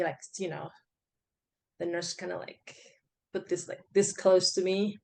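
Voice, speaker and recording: A woman's voice: lowish voice, level tone, moderate pace, gravelly, a little mellow. A woman, recounting her own story as a guest in a casual, rambling way with many fillers and restarts. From Indonesia.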